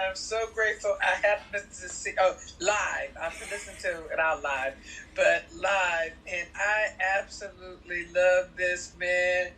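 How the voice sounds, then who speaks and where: A woman guest on a live stream pours out heartfelt, rambling thanks in a bright, mid-pitched voice. Faint noise hums under her line. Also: fairly even intonation, measured pace, rough recording. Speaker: caller brought on as a guest. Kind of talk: emotional live-stream call-in.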